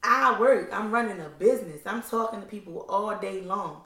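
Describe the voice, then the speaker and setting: Bright, animated woman in an echoey room. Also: medium pitch, normal speed, distant mic. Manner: animated, laughing storyteller. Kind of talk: casual chat. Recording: echoey room, voice set back from the mic.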